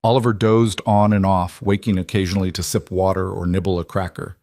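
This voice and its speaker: A man narrating a scripted drama story in an even, measured way. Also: low-pitched, dry recording, studio quality.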